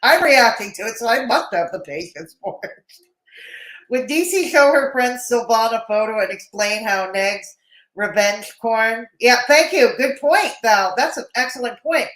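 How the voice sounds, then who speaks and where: A woman's voice: a little high, animated, normal speed, fairly bright tone. A woman streaming live, reacting to a video with sarcastic commentary, laughing often and chatting with her viewers. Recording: roomy echoey room.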